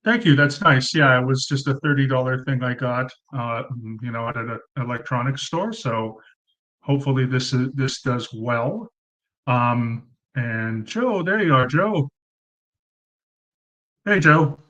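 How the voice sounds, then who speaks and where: A man's voice: mid-range voice, measured pace, fairly bright tone, low-quality recording. Thirties male streamer, loose chatty delivery full of ums, cheap mic in a room at home. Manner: chatty, rambling, many ums and uhs, thanks viewers by name. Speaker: livestream host. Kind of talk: casual live Q&A chat. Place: room at home under fluorescent lights. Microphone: cheap desk mic.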